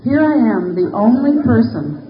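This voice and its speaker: A woman's voice: on the high side, very animated, moderate pace, muffled recording, a little hiss or hum. An older woman giving a candid, self-mocking personal testimony about her recovery to a live audience. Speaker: speaker sharing recovery story.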